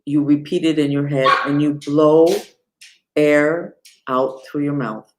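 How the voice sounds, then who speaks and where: A woman's voice: sits low, fairly even intonation, background noise. Woman teaching mantras on a live stream. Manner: unhurried, talks to viewers and reads the chat aloud. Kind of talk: casual live-streamed lesson.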